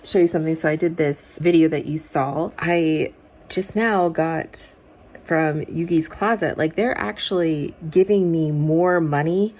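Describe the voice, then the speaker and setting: A woman's voice: sits low, unhurried, darkish tone. A woman vlogger chatting casually to her phone camera from her car and her home, with lots of "like" fillers. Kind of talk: casual vlog chat.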